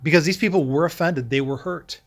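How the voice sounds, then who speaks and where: Middle-aged guy preaching in english, kinda high voice, fires questions at the crowd. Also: fairly quick. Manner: animated preaching with rhetorical questions. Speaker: pastor. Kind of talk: sermon.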